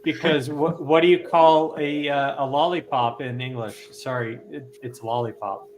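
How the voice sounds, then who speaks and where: A man's voice: mid-range voice, fairly even intonation, moderate pace, noisy background. A man in casual chat, playfully quizzing his friends with jokes.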